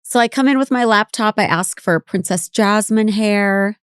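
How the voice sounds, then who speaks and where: A woman's voice: mid-range voice, moderate pace, smooth, no echo, studio quality. A woman in her forties co-hosting a podcast, talking in a candid, wry way and sometimes mimicking others. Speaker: podcast co-host. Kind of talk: casual podcast rewatch chat.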